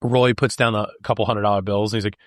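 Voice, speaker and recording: Laughing, easygoing young man, low voice. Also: quick pace, dry recording, studio quality. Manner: laughs often, animated, quotes movie lines; says "like" and "dude" a lot. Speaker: podcast co-host. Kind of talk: casual movie chat.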